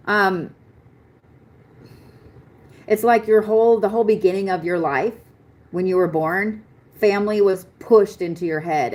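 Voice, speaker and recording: Chatty woman astrologer, low voice, excitable and casual, live-stream reading. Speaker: astrology reader.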